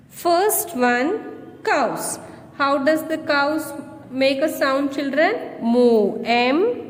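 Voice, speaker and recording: A woman with an Indian English accent teaching young children, slowly spelling out words letter by letter. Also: high-pitched, long reverb tail, slight background noise. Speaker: primary school teacher. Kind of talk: slow classroom lesson.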